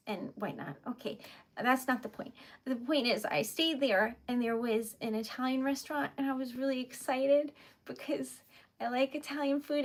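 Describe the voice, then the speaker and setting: A high-voiced young woman chats on her live stream, telling stories in an unhurried, easygoing way. She talks loosely with plenty of "like" and "um" and breaks into giggles often. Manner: giggly and emotional, many fillers. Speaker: livestreamer. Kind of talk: casual live stream chat.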